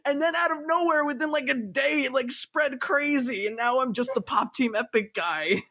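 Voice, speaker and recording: A podcast co-host on a live stream who giggles often and swears in quick outbursts. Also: high-pitched, sharp tone. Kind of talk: casual chat on a live stream.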